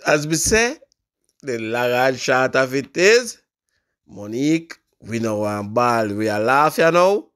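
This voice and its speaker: A man with a Jamaican accent hosting a casual commentary show, bantering lively in Patois. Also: mid-range voice, slow pace, clear, resonant tone, dry recording, studio quality. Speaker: host.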